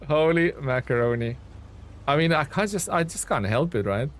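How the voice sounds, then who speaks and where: A man's voice: a little high, animated, normal speed. A man streaming a game, talking casually to his viewers, laughing often and teasing himself about his mistakes. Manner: laughs often, playful and self-mocking; chats with viewers while playing. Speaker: gaming streamer. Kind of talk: casual live game commentary.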